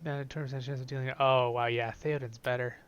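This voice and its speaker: A young man hosting a casual gameplay video, chatty and excitable, swinging between loud bursts and quiet asides. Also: medium pitch, a little fast, smooth, lo-fi sound. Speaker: game video host.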